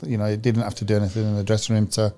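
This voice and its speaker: A man co-hosting a football podcast, a former player telling dressing-room stories in a relaxed, chatty way. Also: on the low side, racing. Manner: chatty storyteller. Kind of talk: casual podcast chat.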